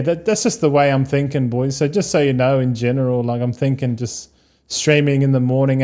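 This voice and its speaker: A man's voice: medium pitch, dark tone. Chatty Australian streamer man. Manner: rambling, swears freely, chummy slang. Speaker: game streamer. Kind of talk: casual live-stream chat.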